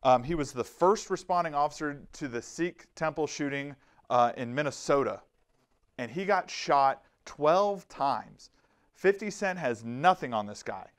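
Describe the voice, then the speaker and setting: A man giving a lively, animated safety presentation to a live audience, telling stories and acting out quotes. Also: fairly high pitch, clear, resonant tone. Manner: energetic, animated, storytelling with acted-out quotes. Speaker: safety trainer.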